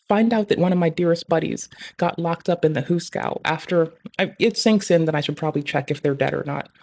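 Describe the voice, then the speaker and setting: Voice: medium pitch, creaky, darkish tone. A streamer venting in a casual, rambling rant, swearing constantly and filling gaps with "like" and "bruh". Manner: profane, rambling, heavy swearing; frequent filler "like" and "bruh".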